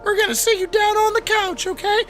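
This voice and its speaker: A man's voice: very high voice, level tone, brisk, a bit bright, faint music behind, pitched above the performer's own voice. A man putting on a condescending, sing-song caretaker who coaxes a frail old cat, in patronizing baby-talk.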